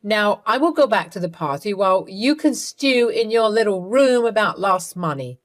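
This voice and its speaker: A woman's voice: expressive, normal speed, close to an everyday voice. A woman reading a story aloud, voicing a thieving, scheming older mother-in-law in a scornful tone. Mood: dismissive. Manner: scornful, then pleading and shrill.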